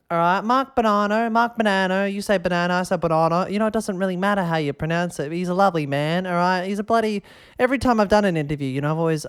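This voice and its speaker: A man with an Australian accent hosting a podcast in a casual, rambling, excitable way, often tagging his sentences with a question. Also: sits high, clear, resonant tone. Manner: rambling and excitable, keeps tagging "all right?". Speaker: podcast host.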